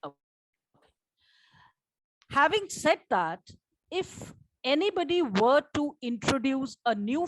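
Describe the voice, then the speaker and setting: A woman presenting her research study at a conference, speaking in a measured way and asking for the next slide. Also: high-pitched, no echo, low-quality recording.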